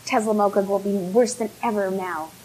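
A woman's voice: mid-range voice, steady tone, normal speed, a little mellow, a little hiss or hum, lightly acted, low-quality recording. A woman doing a sullen, spiteful child. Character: spiteful, sullen child who turns pleading. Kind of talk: storytelling.

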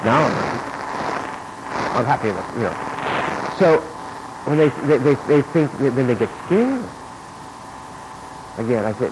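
A man teaching as an acting coach, talking in an informal lecture and acting out replies in sudden high bursts. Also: measured pace, long pauses. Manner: animated, acts out his own and students' replies in sudden high bursts. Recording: noisy recording with steady background noise.

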